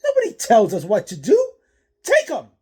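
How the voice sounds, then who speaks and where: A man voicing a brash young street thug who shouts and sneers, his voice pushed high. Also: fairly even intonation, takes it slowly, natural voice. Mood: aggressive.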